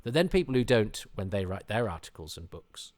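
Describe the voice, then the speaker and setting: A man with a fairly low voice hosts a podcast. He talks in a loose, rambling way, pokes fun at himself and often breaks off into animated asides. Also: fairly quick. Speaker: podcast host. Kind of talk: casual commentary.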